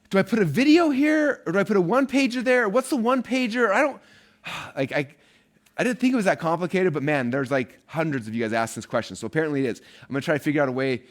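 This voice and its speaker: A man with a mid-range voice coaches an online marketing course live. He talks with lots of energy in a chatty way, checking in with listeners by asking "right?" and "okay?"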